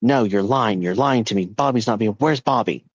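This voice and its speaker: A man's voice: on the low side, moderate pace, no room sound, lo-fi sound, natural voice. A man doing a frantic possessed little boy. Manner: desperate, repeating himself. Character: possessed young boy, raging over his toy.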